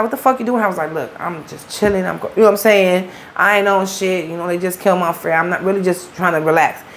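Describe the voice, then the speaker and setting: A woman's voice: lowish voice, a little hiss or hum. A woman, an interview guest telling her own story in blunt, profane street talk.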